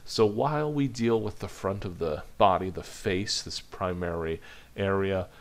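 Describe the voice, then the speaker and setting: A man's voice: sits low, measured pace. A man teaching an animation lesson, chatting loosely and thinking aloud while he demonstrates drawing. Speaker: animation instructor.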